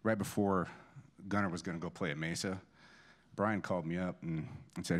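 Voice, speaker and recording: Deep-voiced man telling funny eulogy stories. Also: steady tone, normal speed. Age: 40s. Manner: self-deprecating humorous anecdotes, many restarts. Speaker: family friend giving a eulogy. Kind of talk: storytelling eulogy at a memorial service. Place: church.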